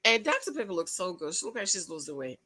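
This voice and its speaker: A woman hosting her own channel, chatting through a reality TV recap with gossipy asides and quick exclamations. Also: on the low side, big pitch swings, sharp tone, slight background noise. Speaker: channel host. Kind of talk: casual reality TV recap commentary.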